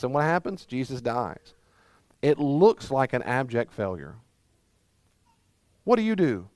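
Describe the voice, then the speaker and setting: A man's voice: on the high side, darkish tone, no echo. A man from Mississippi with a Southern accent, preaching a sermon as pastor, emphatic and full of rhetorical questions.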